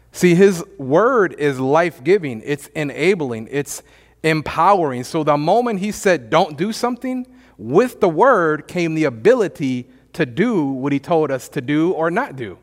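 A man's voice: fairly high pitch, in a large hall. A man preaching a sermon as pastor, emphatic and repetitive, often asking the congregation for an amen. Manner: emphatic, repeats phrases, asks the congregation "amen?". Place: church.

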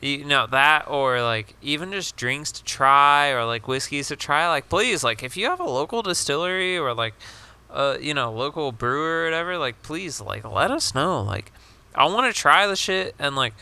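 Young man, podcast co-host, casual chat, rambling, filler-heavy, swears, bright tense voice. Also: a little high, expressive, moderate pace, clean tone.

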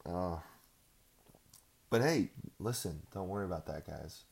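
Gravelly, low-voiced profane podcast host. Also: male voice, expressive, unhurried, a little mellow. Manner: profane, sarcastic, rambling. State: out of breath. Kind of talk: casual ranting monologue.

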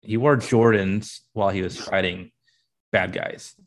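A man co-hosting a podcast in a relaxed, enthusiastic chatty way. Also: on the low side, unhurried. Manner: enthusiastic, laid-back, many fillers. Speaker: podcast co-host. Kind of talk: casual chat.

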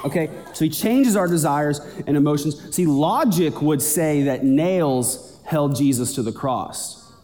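A man's voice: measured pace, dark tone. A man preaching a sermon as a pastor, talking in a conversational way and building up energy as he goes. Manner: conversational preaching, builds in pitch toward the end. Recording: long hall reverb.

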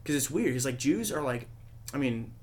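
A man hosting a podcast, talking casually in a rambling, profane and animated way. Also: medium pitch, moderate pace. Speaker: podcast host. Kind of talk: casual chat.

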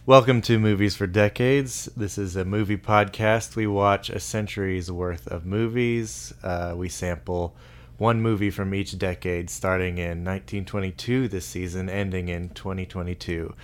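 A man's voice: sits low, fairly even intonation, moderate pace. A man hosting a movie podcast, opening the show with a plain, direct introduction. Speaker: podcast host.

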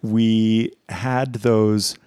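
A man's voice: lowish voice, little pitch movement, extremely slow, dark tone, clear, resonant tone, dry recording. A man co-hosting a casual podcast, chatting with friends, laughing often and rambling through restarts while reading reviews aloud. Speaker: podcast co-host.

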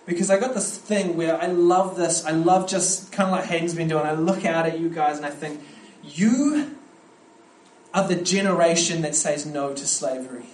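A young man delivers a sermon at a youth camp, his voice sitting a little higher than most men's. He tells stories with energy, often restarting his phrases. The sound is roomy and echoey, with faint ambience behind him. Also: fairly quick, few pauses, slight background noise. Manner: animated storytelling with frequent restarts. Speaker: youth pastor preaching at a camp.

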